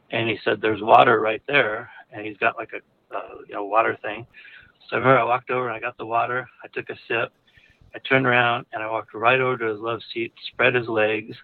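A man casually telling a personal story, rambling with lots of fillers and restarts. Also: mid-range voice. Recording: narrow phone-like audio.

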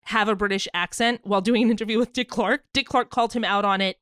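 A woman co-hosting a music podcast in casual chat, laughing often and halting with fillers. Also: mid-range voice, steady tone, fairly bright tone, no room sound, clean studio sound. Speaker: podcast co-host.

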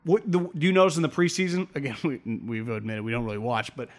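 A man co-hosting a casual sports podcast, rambling and animated, with some swearing. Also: mid-range voice, fast. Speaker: podcast co-host.

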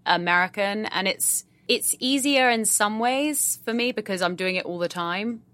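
An English actress chatting lively and easily in a casual podcast interview, often laughing. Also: female voice, medium pitch, normal speed, no room sound. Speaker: actress guest.

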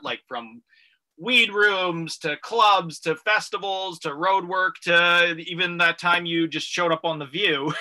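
A middle-aged man from rural Canada hosts a radio comedy talk show with an upbeat, joking manner. His voice is very bright and ringing, and it sits a little high for a man. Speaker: radio host.

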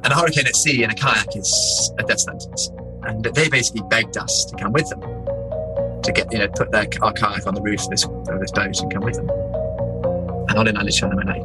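A man from England, an explorer, telling an adventure story in a lively, anecdotal way and slipping into other people's voices. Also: fairly low pitch, fairly quick, over loud music, poor audio. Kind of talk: animated storytelling interview.

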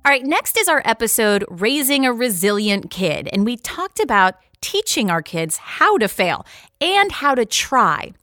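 A woman's voice: a little high, big pitch swings, a little slow, sharp tone, soft background music. A woman co-hosting a parenting show, earnestly summarizing advice and introducing clips. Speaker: podcast co-host and mother. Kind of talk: reflective chat.

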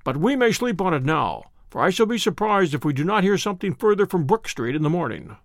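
A man's voice: high voice, very animated, fairly quick, vocal fry, no room sound, studio quality, heavily acted. A man reading a coolly analytical detective. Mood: assured. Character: cool, analytical male detective, confident.

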